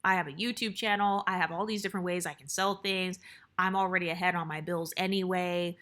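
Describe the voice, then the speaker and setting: A young woman telling a casual storytime about her workplace, blunt and animated, swearing freely and acting out what others said. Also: on the low side, fairly quick.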